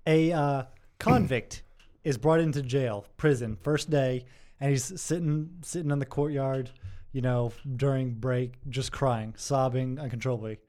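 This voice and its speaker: A man co-hosting a casual podcast, telling jokes with a cocky, playful manner and putting on quick voices for the characters. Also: mid-range voice, steady tone, mellow. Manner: playful, cocky storyteller who puts on voices for his characters. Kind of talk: casual chat, joke telling.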